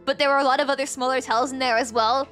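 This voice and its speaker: Bright, excitable woman streamer. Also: sits high, quick pace. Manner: excitable, swears, boastful. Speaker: VTuber streamer. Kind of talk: casual gameplay commentary. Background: game music.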